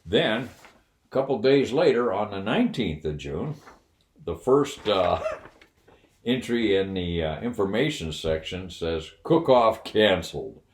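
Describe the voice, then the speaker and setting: An older man with a very low, deep voice spins a wry, candid yarn from his service days, loose and conversational, with plenty of "uh"s. The sound carries a noticeable roomy echo. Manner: wry, candid, with frequent fillers and chuckles. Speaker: retired Air Force officer telling a story. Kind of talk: casual anecdote storytelling.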